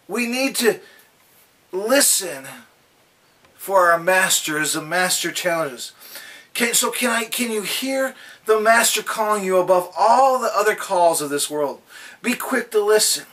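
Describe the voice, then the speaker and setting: A man with a high, bright and forceful voice gives a daily devotional, telling folksy anecdotes along the way. He sounds a little distant from the microphone. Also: animated, a little slow. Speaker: devotional speaker.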